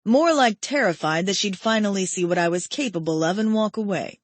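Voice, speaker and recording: Lady voicing a broody intense romance guy, hushed and close, dry audiobook read. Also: mid-range voice, fairly quick, no room sound, lightly acted. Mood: intimate.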